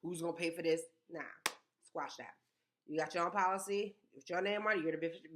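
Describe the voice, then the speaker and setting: Woman, 30s, slightly low voice, emphatic casual storyteller. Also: a little fast, slight background noise. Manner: animated, emphatic, repeats words for effect.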